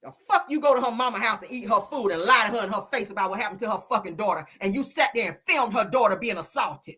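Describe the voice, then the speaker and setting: A woman's voice: medium pitch, expressive, quick pace, pushed and bright, husky. A woman hosting her own commentary show, talking casually and heatedly, with lots of profanity and emphatic outbursts.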